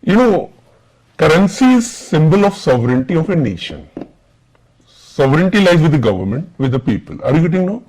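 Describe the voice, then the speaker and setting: A man with an Indian accent lectures a class, his voice pitched a little high. He keeps stopping to check that the students understand. The lecture is recorded in a classroom. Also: big pitch swings, a little fast, darkish tone, poor audio. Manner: checks understanding with repeated questions. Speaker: teacher.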